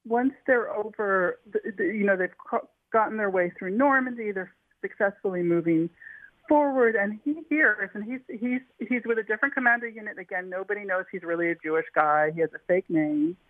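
A woman's voice: medium pitch, fairly quick, no echo. Woman author telling stories over the phone. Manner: eager, with frequent restarts and fillers. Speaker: author being interviewed. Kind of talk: animated storytelling in an interview. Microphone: telephone. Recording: tinny phone line, dry.

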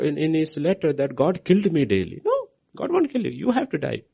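A man preaching a sermon, swinging from loud proclamations to hushed, near-whispered lines and repeating key phrases for emphasis. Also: fairly high pitch, huge pitch swings, brisk, gravelly, few pauses, slightly rough.

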